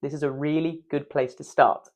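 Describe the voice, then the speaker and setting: A man's voice: fairly high pitch, fairly even intonation, normal speed, darkish tone. A man teaching breath work for speaking, playful and demonstrative, with self-mocking asides. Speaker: voice coach. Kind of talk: instructional video.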